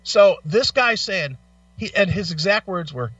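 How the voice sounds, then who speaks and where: A man with a bright, tense, slightly high voice swears his way through a story in animated casual chat, in back pain. The sound is dry but dull and lo-fi, as if he sits some way off the mic. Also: unhurried, no echo, distant mic. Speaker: radio show co-host.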